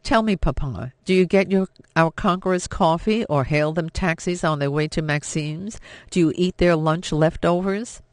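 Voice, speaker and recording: Guy reading a fiery 19 yr old girl, pleading and sharp, higher voice, dry mic. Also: normal speed, hardly any pauses, no echo, lightly acted. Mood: defiant. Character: defiant headstrong young woman of nineteen.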